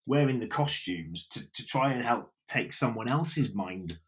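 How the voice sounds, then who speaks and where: A man's voice: medium pitch, lively intonation, a little slow. A man hosting a podcast, asking encouraging, rambling questions. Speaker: podcast host. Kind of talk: casual interview chat.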